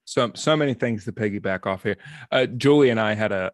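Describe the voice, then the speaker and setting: Low-voiced halting man host. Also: dry recording, studio quality. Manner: halting, with restarts and drawn-out pauses. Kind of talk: casual chat.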